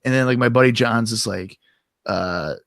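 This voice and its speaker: A young co-host on a podcast spins rambling, swear-filled stories and acts out old quotes. He speaks at a moderate pace in a mid-range voice with vocal fry and a fairly bright tone. The audio is a clean studio recording with no room sound.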